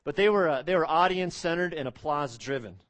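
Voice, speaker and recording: A man's voice: on the high side, animated, fast, a bit bright. A man preaching an expository sermon as pastor, earnest and emphatic, repeating phrases and stretching out key words.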